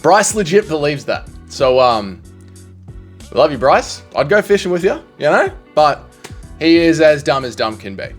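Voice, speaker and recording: Male commentator, slightly high voice, lively and bouncy delivery, jokey rambling tier-list talk. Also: moderate pace, soft background music. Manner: joking, rambling, with slangy asides. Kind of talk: casual comedic monologue.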